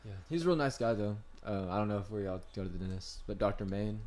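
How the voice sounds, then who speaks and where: A man's voice: on the low side, expressive, fast talker, a crowd in the background. A man co-hosting a casual podcast, easygoing and laughing often, his mouth numb from dental work. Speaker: podcast co-host.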